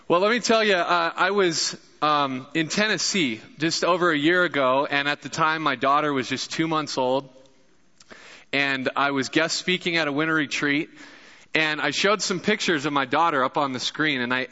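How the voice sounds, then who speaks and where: A young man preaches with a bright, forceful voice, chatting casually and joking with the congregation. His voice rings through a large church hall with a long echo, and the recording sounds a little dull. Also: fairly high pitch. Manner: casual, joking, addresses crowd directly. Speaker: guest pastor. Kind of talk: sermon.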